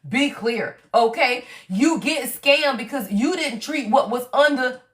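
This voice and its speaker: A woman's voice: high voice, lively intonation, a little slow, a bit bright. A middle-aged Southern woman with a Southern accent, a tarot reader talking on a livestream in a blunt, profane, preachy way. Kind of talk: livestream talk.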